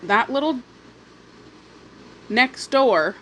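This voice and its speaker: A woman talks slowly as she eats on camera, telling an outraged neighbor story. She keeps pausing to chew and swears freely. Faint background noise sits under her voice. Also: on the high side. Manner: animated, indignant storytelling with swearing; pauses to eat, chewing between phrases. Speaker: mukbang vlogger. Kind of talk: casual storytime while eating.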